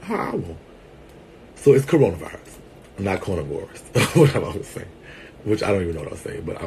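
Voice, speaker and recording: A man in a casual vlog who talks to his viewers in a sassy, playful way and laughs often. He calls them girl and sweetheart, and swings between loud bursts and quiet asides. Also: lowish voice, slight background noise. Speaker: vlogger and entertainer.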